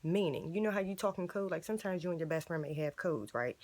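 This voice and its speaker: A young woman in her twenties gives a casual, conversational sermon straight to the camera. She talks emphatically and repeats her points for stress. Her voice sits a little low. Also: rapid-fire, hardly any pauses. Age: 20s. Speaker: ministry video host.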